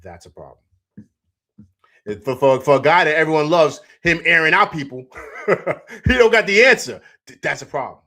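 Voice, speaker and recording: A sports talk show host runs a casual live stream, loose and chatty, repeating himself, laughing a lot and reading out viewer chat comments. His voice is a little high, animated, pushed and bright, at a normal speed.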